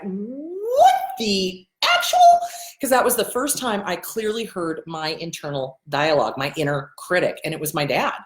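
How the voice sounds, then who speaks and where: Blunt, lively woman in an echoey room. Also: mid-range voice. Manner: blunt, emphatic and profane, repeats words for stress. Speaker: host and therapist. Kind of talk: casual advice monologue.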